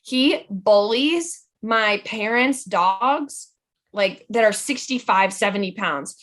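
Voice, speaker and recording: A woman's voice: mid-range voice, lively intonation, slow, a bit bright. A young adult woman chatting as a podcast guest, playful and full of fillers like "like" and "um". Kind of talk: casual podcast chat.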